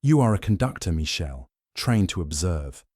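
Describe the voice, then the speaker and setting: Man doing older detective, audiobook, stern, commanding, pressing questions, deep voice, dry. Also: very animated, moderate pace, darkish tone, slightly rough, no room sound, full character voice. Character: shrewd, stern older male Belgian detective.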